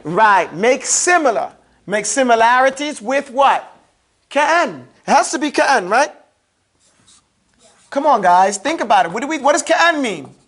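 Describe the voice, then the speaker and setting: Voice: high voice, big pitch swings, fairly bright tone. A grammar teacher in a casual classroom lesson who keeps asking students questions and checking that they follow. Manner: drawls out terms slowly to drill them.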